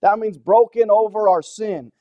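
A man preaching a sermon in an earnest, conversational way, often asking the congregation questions and shifting between soft, low-key passages and urgent emphasis. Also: fairly even intonation, normal speed, no echo, dull audio. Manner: drops to a soft, low-key delivery for stretches, then rises with urgency.

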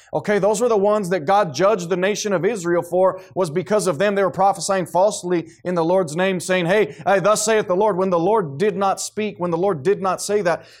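Guy preaching a sermon, pretty high voice, acts out the quotes, lively. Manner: animated, acts out quoted voices, responsive amens from congregation.

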